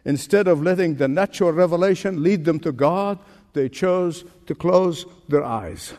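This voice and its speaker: A male pastor preaching with a high-pitched voice. He punches key phrases slowly and lets his pitch swing widely. His voice carries a long reverb from a large hall. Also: a little mellow. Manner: emphatic preaching with dramatic pitch swings and slow stressed phrases. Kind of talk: sermon.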